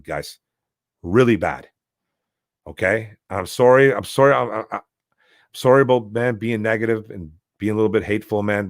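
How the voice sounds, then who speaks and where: A man's voice: lowish voice, no room sound, studio quality. A man hosting a casual sports talk show, ranting heatedly and repeating "man" and "bro.".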